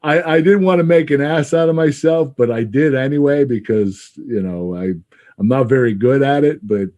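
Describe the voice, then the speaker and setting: A middle-aged man in a casual podcast interview, talking haltingly with many fillers and frequent laughs. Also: medium pitch, mellow, muffled recording. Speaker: guest recalling his wrestling career.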